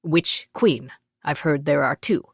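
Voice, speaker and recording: A woman reads a stern male master sergeant of a warrior order in a fantasy audiobook. He is accusing and commanding, in a low, dry voice with no room sound. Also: slow, slightly rough, no room sound, heavily acted. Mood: suspicious.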